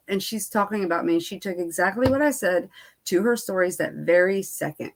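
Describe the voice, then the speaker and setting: A woman's voice: fairly low pitch, fairly quick, creaky. A woman beauty vlogger telling a storytime in casual chat, candid and venting, with lots of fillers and quoted back-and-forth.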